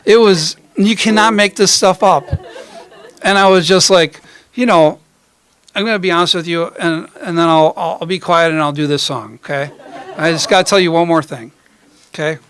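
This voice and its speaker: A man's voice: on the high side, moderate pace, a bit bright, clean tone. A middle-aged man and ukulele performer telling rambling, self-mocking stories between songs on a coffee house stage. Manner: chatty, rambling, self-mocking, many fillers. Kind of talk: storytelling stage banter.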